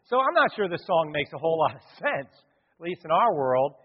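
High-voiced pastor in an echoey hall. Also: male voice, fairly quick, slightly rough. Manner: conversational, animated, acts out quotes and sings. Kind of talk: sermon. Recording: echoey hall, thin phone-like sound.

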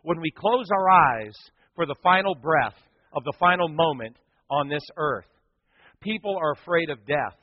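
A man with a high-pitched voice preaches a sermon as pastor, acting out a story with animated delivery. The sound is somewhat dull and muffled, with a long reverb tail from a large hall, though the voice itself sits close and dry. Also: normal speed.

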